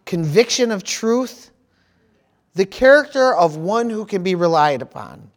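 A man's voice: sits high, animated, unhurried. A middle-aged man preaching a sermon, repeating phrases and dropping in praise interjections as he goes. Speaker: pastor.

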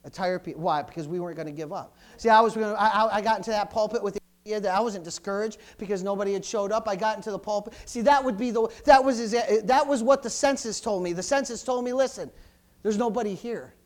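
A man pastor preaching a sermon, building to loud, fervent surges and then dropping low and quiet. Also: fast talker, hardly any pauses.

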